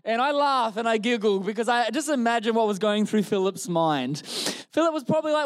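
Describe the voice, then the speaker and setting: A male pastor delivering a sermon at a church service, his voice pitched unusually high. He tells the story in a playful, animated way, mixing jokes into the preaching. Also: fairly quick, clean tone.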